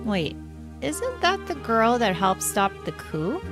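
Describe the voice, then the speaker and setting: A woman's voice: a little high, takes it slowly, over music. A woman giving casual let's-play commentary, reacting emotionally and gushing aloud as a story game plays. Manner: excitable and gushing. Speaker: gaming channel host.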